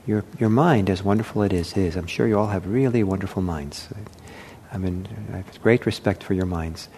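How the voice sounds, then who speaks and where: A man teaching meditation in a gentle, unhurried way, with many pauses, fillers and restarts. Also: sits low, a little hiss or hum. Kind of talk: dharma talk.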